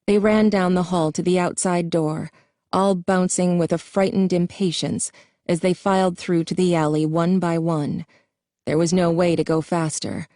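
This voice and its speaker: A woman narrating a spooky novel as an audiobook in a steady storytelling way. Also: on the low side, moderate pace, dry recording, studio quality.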